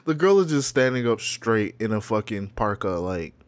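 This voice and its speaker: A young male co-host talks in an easy, unscripted way. His speech is loose and heavy with profanity, with a laugh never far off. He explains things with a relaxed shrug. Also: lowish voice, moderate pace. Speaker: podcast co-host. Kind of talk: casual chat reacting to music videos.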